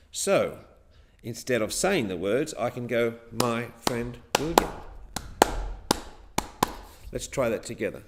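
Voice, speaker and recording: A male teacher leads a classroom rhythm lesson. He talks at an unhurried pace, and his pitch rises and falls in a lively way as he counts in and chants along with the class. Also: very noisy. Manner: chanting counts and rhymes, guiding a class step by step.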